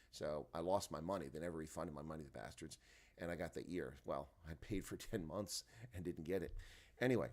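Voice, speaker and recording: A man sounds tired and groggy as he rambles to chat viewers during an early-morning rugby live stream he hosts from home. His voice sits low, and he's at a desk microphone with the volume turned up.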